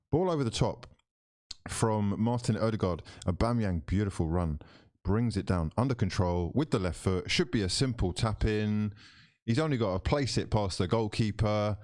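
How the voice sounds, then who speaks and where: A man doing live commentary for his football watchalong stream, switching between mock commentator patter and loud, excited outbursts. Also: on the low side, unhurried, dry recording, studio quality.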